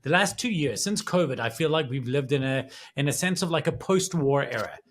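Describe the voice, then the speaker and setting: Reflective man with a higher voice. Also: lively intonation, brisk. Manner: reflective and rambling, many restarts. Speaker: podcast co-host. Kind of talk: casual conversation.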